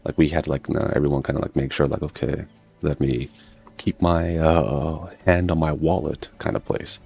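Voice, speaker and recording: A man with an extremely deep, gravelly voice tells food stories in loose, casual gaming chat. He drifts from story to story, swears freely and laughs a lot. Soft game music plays faintly behind him. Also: level tone, moderate pace. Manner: laid-back storytelling, swears, laughs often. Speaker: gaming streamer.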